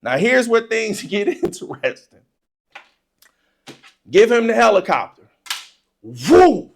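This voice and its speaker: Lively storyteller, voice jumps all over, laughs a lot telling a funny story from when they were a kid. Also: mid-range voice, unhurried, gravelly. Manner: animated, laughs often, acts out childhood excitement; casual informal speech. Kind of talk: comedic personal storytelling.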